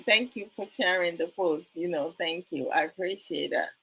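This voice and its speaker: A woman's voice: lowish voice, vocal fry, fairly bright tone, husky, low-quality recording. A woman hosting a live stream, talking earnestly with many fillers and stopping to thank viewers for their comments. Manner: frequent fillers, slow and earnest. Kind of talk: casual live stream talk.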